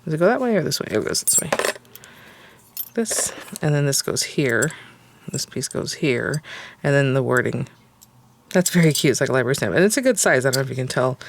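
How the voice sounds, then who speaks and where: A woman's voice: a bass voice, sing-song, a little fast, pauses often, slight background noise. A woman hosting a casual crafting tutorial, chatting and thinking aloud with lots of fillers as she works. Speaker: craft channel host.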